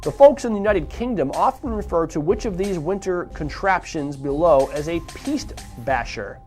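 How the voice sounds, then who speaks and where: Upbeat guy hosting a morning show, kinda high voice, chatty, little bit of music behind. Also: animated, normal speed, a little mellow. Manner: upbeat, chatty, rambling asides. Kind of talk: live morning radio show.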